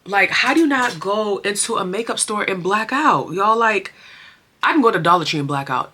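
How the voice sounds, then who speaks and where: A woman's voice: medium pitch, animated, normal speed, bright, forceful tone, breathy edge. A young woman chatting expressively through her makeup routine, full of slang and emotion, as a beauty vlogger. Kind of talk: casual chatty makeup tutorial.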